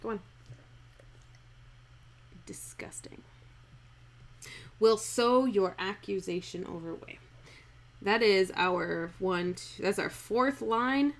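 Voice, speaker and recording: A woman giving a casual, irreverent acting lesson, reading verse lines slowly aloud to test their rhythm and breaking them down for a live stream. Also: mid-range voice. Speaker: acting coach streaming a script analysis.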